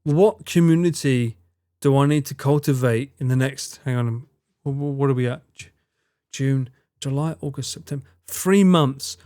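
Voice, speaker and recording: A man's voice: mid-range voice, normal speed, mellow, clear, resonant tone, no room sound, clean studio sound. A young man streaming live, chatting with his viewers in a teasing, mock-outraged way and swearing freely. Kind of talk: casual live-stream chat.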